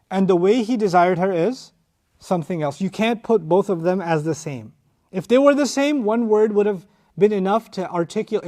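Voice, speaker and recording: High-voiced man teaching Quran commentary. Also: a little mellow. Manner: explains word by word, repeats key phrases, recites Arabic verses.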